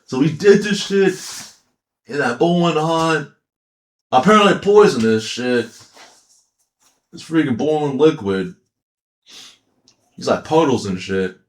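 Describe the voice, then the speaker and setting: A man's voice: fairly high pitch, takes it slowly, pauses often, roomy sound. A man casually ranting about an anime, retelling scenes with swearing and laughter. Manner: animated, profane, laughing storytelling. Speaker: anime commentator.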